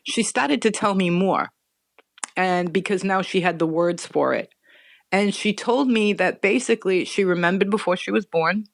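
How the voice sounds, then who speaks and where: A woman's voice: mid-range voice, moderate pace, creaky, no echo. A middle-aged woman earnestly recounting a personal story as a podcast guest, sometimes choked up. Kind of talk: personal story told in an interview.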